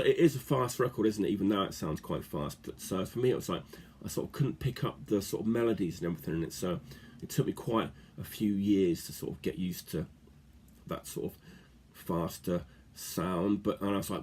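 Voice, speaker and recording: A middle-aged man with a deep, husky, darkish voice talks fast as the host of a record-collecting vlog. He rambles casually about his records, packing his speech with filler words and tag questions.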